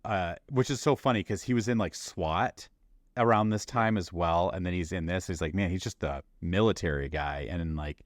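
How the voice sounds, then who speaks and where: Low-voiced man chatting on a podcast. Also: no room sound, studio quality. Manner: animated, jokey, acts out movie characters in quick voices. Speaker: podcast co-host. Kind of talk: casual chat.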